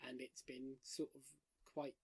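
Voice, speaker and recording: A man's voice: medium pitch, little pitch movement, unhurried, husky. A man hosting a casual gaming news podcast round a table with friends, wry and rambling with lots of fillers. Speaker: podcast host.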